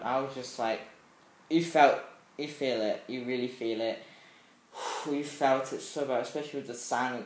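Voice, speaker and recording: A man's voice: medium pitch, moderate pace. A man gushes about a movie in a loose, rambling review, throwing in sound effects and fillers as he goes. His voice sits mid-range for a man. The room around him is echoey. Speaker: movie fan vlogger. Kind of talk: casual film review chat.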